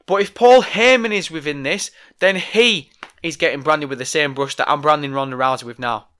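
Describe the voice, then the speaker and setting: A man's voice: on the high side, normal speed, a bit bright. A man delivering an angry, profane, sarcastic rant about wrestling. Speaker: wrestling commentator. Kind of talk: ranting monologue.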